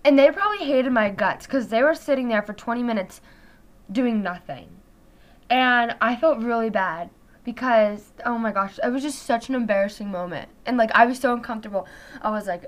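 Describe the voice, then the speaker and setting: Chatty high-voiced teen girl. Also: brisk. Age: teens. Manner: chatty, heavy use of "like", animated retelling. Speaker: vlogger. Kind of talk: casual storytime chat.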